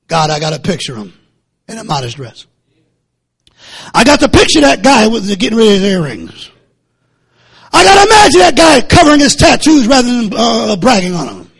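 A male preacher, delivering a fiery sermon that swings from low muttering to shouting, with many repeated words. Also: gravelly, slightly rough.

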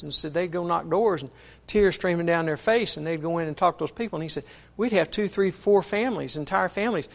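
A man preaching a sermon, retelling another man's story in a folksy, earnest way, with frequent "he said" asides. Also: a little high.

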